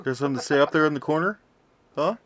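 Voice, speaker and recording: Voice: medium pitch, very fast, fairly bright tone. A co-host in casual chat, teasing others with playful wordplay. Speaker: podcast co-host.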